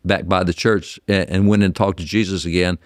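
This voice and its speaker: A man as a guest historian in an interview, telling stories in an animated way and often repeating words as he starts sentences. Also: low voice, a little fast, dry recording, clean studio sound. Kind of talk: interview storytelling.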